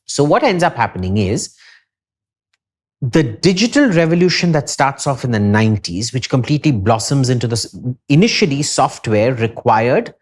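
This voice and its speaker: Indian-accented male guest, mid-pitched, lively intonation, lectures with firm opinions. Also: normal speed. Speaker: podcast guest. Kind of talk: casual podcast discussion.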